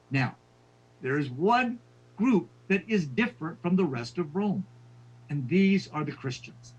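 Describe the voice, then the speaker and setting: A man's voice: fairly high pitch, expressive, measured pace, husky, lo-fi sound. A man lecturing on history, telling stories with frequent fillers and quoting figures. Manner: storytelling with quoted voices, frequent fillers.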